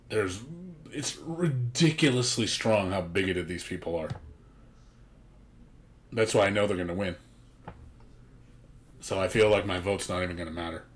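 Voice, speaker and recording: A man streaming a game, chatting casually with a blunt, profane, ranting manner. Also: fairly low pitch. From United States. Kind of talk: casual chat.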